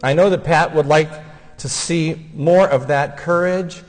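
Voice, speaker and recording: A man delivers a funeral homily in a gentle, heartfelt way. His voice sits a little high, and he speaks at a very slow, unhurried pace. Long reverb from the church trails after his words. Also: fairly even intonation. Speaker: homilist and son of the deceased.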